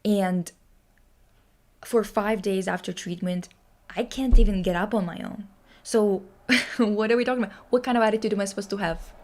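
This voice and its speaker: A woman's voice: medium pitch, moderate pace, pauses often. A young woman streaming and chatting casually, blunt and emphatic, with frequent swearing. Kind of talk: casual livestream chat.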